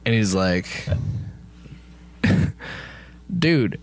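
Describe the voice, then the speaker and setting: A young man riffs through an absurd movie pitch, swearing freely and breaking into laughter as he goes. His pitch swings widely and lively while he talks in an ordinary middle register. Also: a little slow. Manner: rambling, laughing, profane storytelling with acted quotes. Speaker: podcast co-host pitching a movie. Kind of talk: casual comedic chat.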